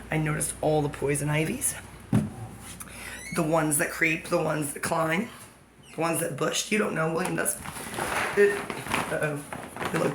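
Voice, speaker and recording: A woman's voice: low-pitched, very noisy. A woman talking to the camera in a scattered, joking monologue that keeps correcting itself. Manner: scattered, self-correcting, jokey asides. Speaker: vlogger.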